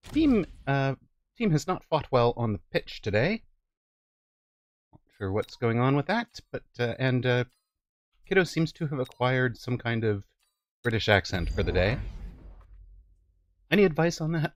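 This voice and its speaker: A man's voice: medium pitch, slight background noise. A man streaming a strategy game, chatting casually and musing aloud to his viewers. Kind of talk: casual live-stream commentary.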